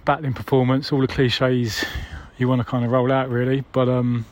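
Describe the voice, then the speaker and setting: A man's voice: mid-range voice, flat delivery, normal speed. A man leaving a casual voicemail, conversational and wry, with mild swearing.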